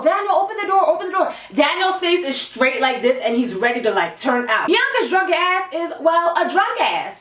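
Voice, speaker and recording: Young woman, high voice, lively slangy storyteller, echoey room, mic a bit far off. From Canada. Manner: animated, slangy, acts out quotes. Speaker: vlogger. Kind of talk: storytime vlog.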